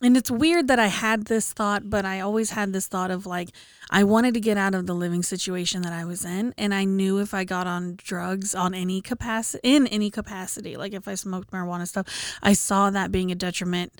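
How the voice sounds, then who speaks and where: A woman co-hosting a podcast in casual chat, chatty and quick to laugh. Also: medium pitch, fairly even intonation, no room sound, clean studio sound. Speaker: podcast co-host.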